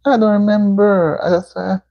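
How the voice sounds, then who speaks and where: A woman's voice: mid-range voice, steady tone, normal speed, gravelly, muffled recording. A Jamaican woman hosting a casual livestream, chatting with viewers and answering their comments with motherly advice. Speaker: livestream host. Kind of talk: casual live-stream chat. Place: indoor room at home.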